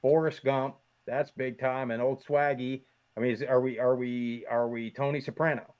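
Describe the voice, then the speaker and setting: A man's voice: medium pitch, little pitch movement, normal speed, darkish tone, smooth, dull audio. A man hosting a college football podcast, talking in an upbeat, promotional way. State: voice muffled by a costume mask. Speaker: podcast host. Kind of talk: casual sports chat.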